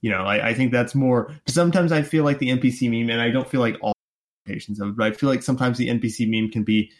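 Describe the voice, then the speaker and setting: Male co-host, casual chat, hesitant and filler-heavy, middle pitch. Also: quick pace. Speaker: podcast co-host. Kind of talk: casual political podcast chat.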